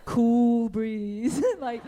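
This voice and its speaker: A woman's voice: on the high side, very slow, noisy background. A middle-aged woman telling rambling, playful anecdotes as a guest on a convention stage, laughing often as she talks.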